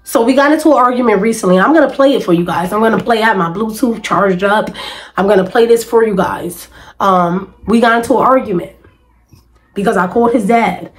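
A woman's voice: medium pitch, brisk, poor audio. A woman vlogger, venting emphatically and repetitively in casual talk to camera.

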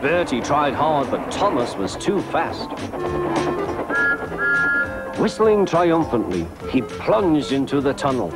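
Expressive guy reading a kids' story, swoopy voice, music going loud underneath. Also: on the high side, unhurried. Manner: lively, expressive, confiding. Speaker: narrator. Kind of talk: storybook narration.

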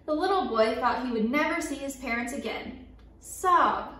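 Woman story-time reader, high voice, playful and animated, in an echoey room a little off the mic. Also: brisk, far from the mic. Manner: lively, playful sound effects and call-and-response. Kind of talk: reading a picture book aloud to children.

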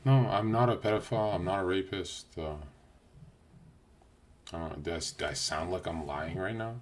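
A brash young man livestreaming in a casual, crude rant that swings from loud outbursts to low mutters. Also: normal speed, slight background noise.

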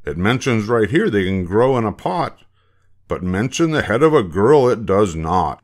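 An older man reading a children's picture book aloud in an expressive, unhurried way. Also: fairly low pitch. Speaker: storybook reader.

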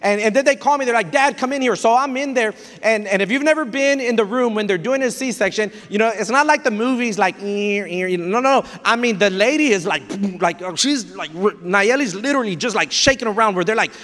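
Male pastor, emotional storytelling sermon, slightly high voice, frequent restarts, live church reverb. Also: a little fast, few pauses, fairly bright tone. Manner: mixes in Spanish phrases. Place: church hall.

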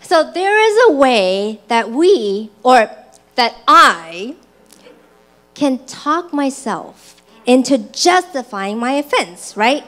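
Woman, sermon, high voice, slow measured delivery, lively personal anecdotes. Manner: slow and deliberate, acts out her own excited and angry voice in anecdotes. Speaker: preacher. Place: church.

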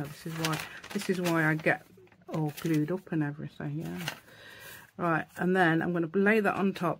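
A woman's voice: low voice, gravelly, breathy edge. A woman hosting a casual crafting tutorial, thinking aloud as she works and often correcting herself. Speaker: craft channel host.

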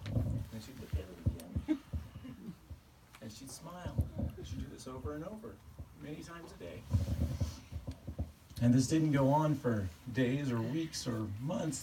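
A man giving a personal eulogy for a family member, telling fond stories in a halting way and often chuckling. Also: mid-range voice. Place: memorial service gathering. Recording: distant mic with background noise.

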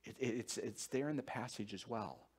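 A male pastor preaching a sermon, animated and joking, with repeated words and fillers as he thinks aloud, sometimes dropping to a hushed near-whisper. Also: lowish voice, moderate pace, slightly rough.

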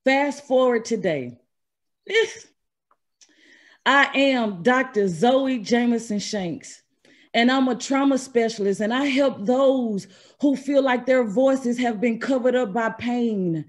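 A woman from Mississippi, a trauma specialist, telling her personal story in an earnest, measured and emphatic way over a video call. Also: a little high. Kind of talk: personal story told at an online event.

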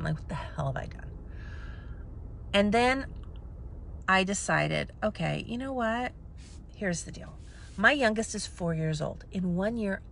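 Bright-voiced chatty woman vlogger. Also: medium pitch, vocal fry, a little hiss or hum. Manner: chatty, animated, self-mocking, swings between hushed and loud. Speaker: vlogger, makeup seller. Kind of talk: casual storytelling to camera.

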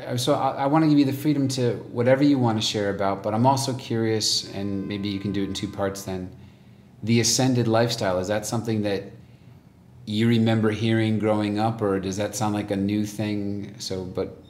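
A man's voice: lowish voice, steady tone, brisk, a little mellow, roomy sound, a little hiss or hum. A man hosting a casual faith discussion, speaking in a reflective, encouraging way. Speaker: host.

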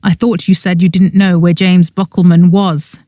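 A woman gives voice to a stern male agent from an audiobook mystery, cutting and cold. The tone is dark and mellow, recorded dry and close. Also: fairly low pitch, little pitch movement, normal speed, dry recording, lightly acted. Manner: cold and acid.

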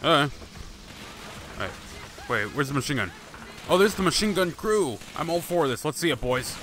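A man's voice: fairly high pitch, expressive, normal speed, a bit bright, slight background noise. Sarcastic man commentating a war game. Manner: sarcastic, joking, swears. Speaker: gaming YouTuber. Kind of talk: casual let's play commentary. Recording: game audio and music behind.

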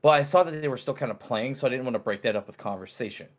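A man's voice: medium pitch, rapid-fire. A man co-hosting a casual podcast, rambling through a story with lots of fillers and restarts. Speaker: podcast co-host.

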